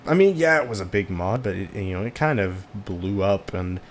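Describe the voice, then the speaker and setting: A man's voice: low voice, expressive, normal speed, slight background noise. A man co-hosting a casual podcast, hesitant and searching for words, with many fillers.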